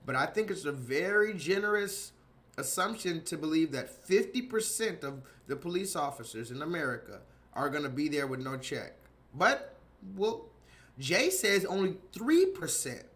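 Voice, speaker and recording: A man's voice: fairly high pitch, big pitch swings, normal speed, fairly bright tone. A man hosting a casual livestream, rambling and repeating himself while reading out viewers' chat comments. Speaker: livestream host.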